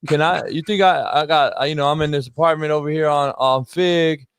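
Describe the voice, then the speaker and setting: A man's voice: a little high, brisk, smooth, dry recording, clean studio sound. A man co-hosting a sports talk show, ranting heatedly and swearing often in casual chat.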